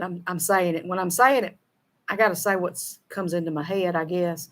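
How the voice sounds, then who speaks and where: A woman's voice: fairly low pitch, brisk. A middle-aged woman with a Southern American accent, chatting casually as a show co-host, folksy, laughing often and running her words together. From Southern United States. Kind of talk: casual chat reading viewer comments.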